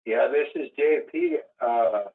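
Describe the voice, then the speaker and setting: A man's voice: mid-range voice, wildly swooping pitch, takes it slowly. A man from Southern California talking as a caller on a call-in show, rambling and often restarting his sentences. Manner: rambling, hesitant, repeats himself. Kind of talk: casual call-in chat. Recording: phone-like call audio.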